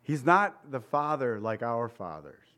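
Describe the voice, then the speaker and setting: A man of middling pitch preaching to his congregation. He talks like he is chatting with them, firing off rhetorical questions. Now and then he acts out the voices of the people he quotes. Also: big pitch swings, unhurried, pushed and bright. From Italian family background. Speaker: pastor. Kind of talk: sermon.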